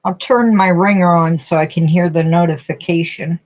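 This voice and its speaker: A woman's voice: fairly low pitch, steady tone, moderate pace. A middle-aged woman hosting a casual craft livestream, chatting with viewers and reading out their comments in an emotional, affectionate way. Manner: warm, emotional, talks to viewers as honey. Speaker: livestream host. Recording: dull lo-fi stream audio.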